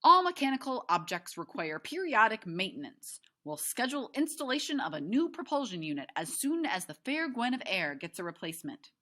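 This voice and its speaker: A woman's voice: on the high side, sing-song, a little fast, few pauses, bright, forceful tone, voice pushed up, heavily acted. A woman reading aloud, voicing a brainy, bossy little boy who talks precisely, like a dictionary. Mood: lofty. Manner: precise, lofty, dictionary-like phrasing.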